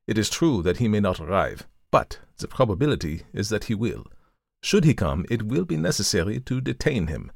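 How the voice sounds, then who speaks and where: A man voicing a calm, methodical male detective who reasons aloud in a measured, lecturing way, in an audiobook reading. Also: lowish voice, creaky, dry recording, clean studio sound, exaggerated voice. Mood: reasoning.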